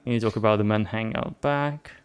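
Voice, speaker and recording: A man's voice: lowish voice, quick pace, clean tone. A man playing a game on stream, reading its narration aloud and chatting casually. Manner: reads narration aloud, laughs often.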